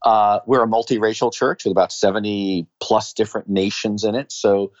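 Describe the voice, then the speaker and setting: A man's voice: lowish voice, level tone, moderate pace, highs cut off. A middle-aged man with a New York accent, a pastor and author, answering interview questions in an earnest, reflective way. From New York, USA.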